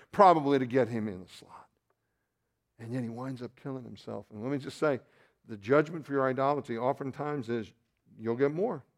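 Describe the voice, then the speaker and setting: Preaching with a medium-pitched voice, this male pastor alternates loud emphatic peaks with hushed asides. Along the way he pokes fun at himself and starts over mid-thought.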